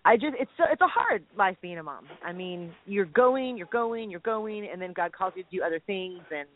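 A woman hosting a casual Christian radio chat, excitable and quick to laugh and exclaim. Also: mid-range voice. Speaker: radio show host. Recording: tinny phone-like line, dry.

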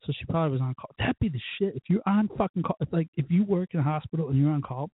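A man hosting his own show, telling rambling, profane stories in a casual drunken way, with sudden loud bursts. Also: a little high, rapid-fire, breathy edge, no echo, phone-quality sound. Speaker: podcast host.

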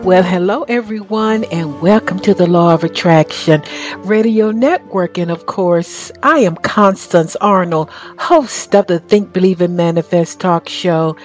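A woman's voice: lowish voice, darkish tone. A woman with a Southern US accent hosting a radio talk show, speaking with enthusiastic, faith-filled conviction.

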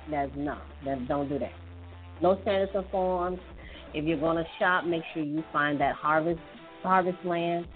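A woman hosting a casual tips show, chatting loosely with many fillers and restarts. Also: deep voice. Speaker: host giving health tips. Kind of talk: casual chat. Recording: tinny phone-like audio with faint music.

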